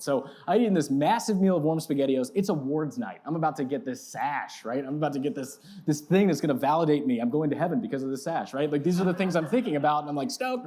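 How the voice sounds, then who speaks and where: Male pastor, thirties, sermon storyteller; comic, self-deprecating, voice leaps up for effect then drops low and quiet. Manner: animated, self-mocking storyteller with big pitch swings. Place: church sanctuary.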